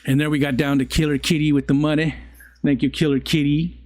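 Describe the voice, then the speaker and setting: A man's voice: fairly high pitch, little pitch movement, a little fast, a little mellow. A middle-aged man hosting a casual live stream, chatting in an easygoing, rambling way and often stopping to restart his sentences. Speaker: livestream host reading chat. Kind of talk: casual chat.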